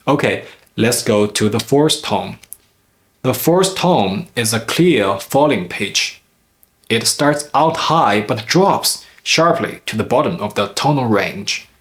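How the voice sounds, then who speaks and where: Slow, careful male language teacher. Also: medium pitch. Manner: careful, measured explanation with demonstrated tone examples. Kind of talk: scripted language lesson.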